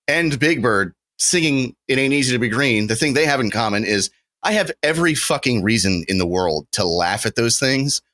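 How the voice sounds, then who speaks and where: A man chatting on a podcast with a lively, swinging delivery. His voice is bright and clear at a mid pitch, and he laughs and swears often. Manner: laughing, animated, profane. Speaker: podcast co-host. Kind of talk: casual chat.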